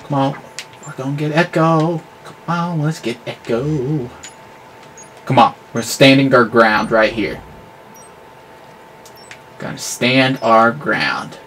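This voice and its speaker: A man giving live commentary over his own gameplay, excitable and yelling at the game, with clean substitute swears. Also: mid-range voice, slow, long pauses, slight background noise. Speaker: gamer.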